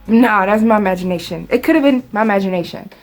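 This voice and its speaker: Animated woman telling a storytime. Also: medium pitch, quick pace, faint music behind. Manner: animated, dramatic, conversational. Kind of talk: casual storytime vlog.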